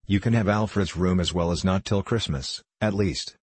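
A man reading the lines of a tired, practical middle-aged widow who runs a small shop, speaking in his own low, husky voice with only a light change for her. She sounds worn out and impatient. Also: moderate pace, no room sound. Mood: weary.

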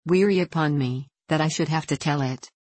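A woman's voice: low-pitched, a little fast, a little mellow, no echo. A woman voicing a forthright, loyal older housekeeper with a Scottish accent. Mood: lamenting. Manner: forthright, scolding, lamenting.

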